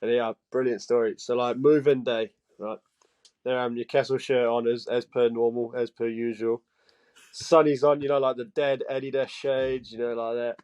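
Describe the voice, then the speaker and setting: A man in his twenties from England with a Geordie accent, a podcast guest telling animated stories and laughing often. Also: medium pitch, normal speed, smooth, highs cut off. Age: 20s. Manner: animated, laughing, acts out quoted voices. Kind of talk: casual storytelling chat.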